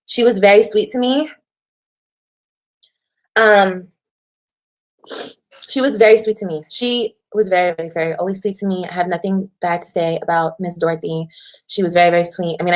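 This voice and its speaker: A woman telling her side of a breakup on a livestream in an animated, profane way, repeating lines for emphasis. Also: mid-range voice. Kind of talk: casual livestream storytelling.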